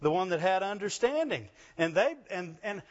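A man delivers a sermon in a high, bright-pitched voice, pressing his points and checking in with the congregation through call-and-response. The recording sounds dull and lo-fi. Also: very animated, moderate pace. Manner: call-and-response preaching, frequent "Amen?" and "Right?". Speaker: pastor.

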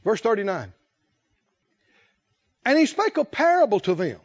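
Male preacher, high and lively, folksy and chuckling, on a dull low-fi recording. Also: a little fast, husky. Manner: animated, folksy, laughs often, acts out voices. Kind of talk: sermon. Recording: dull lo-fi sound.

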